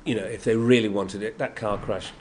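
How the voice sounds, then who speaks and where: An older male actor from Yorkshire, England, guests in an interview in a noisy convention room, his voice on the low side and brisk. With his Yorkshire English accent, he tells anecdotes as a lively storyteller, acting out quotes and laughing often.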